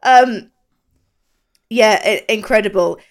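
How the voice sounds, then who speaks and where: A woman co-hosting a podcast, describing a book in casual chat and often pausing to find her words. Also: mid-range voice. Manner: hesitant, with many pauses and fillers. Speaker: podcast co-host.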